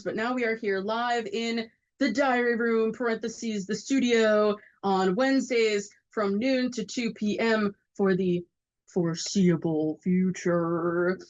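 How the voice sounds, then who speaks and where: A woman's voice: on the high side, lo-fi sound. A young woman co-hosting a college radio show, chatting in an upbeat, playful way from the studio. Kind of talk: casual radio chat.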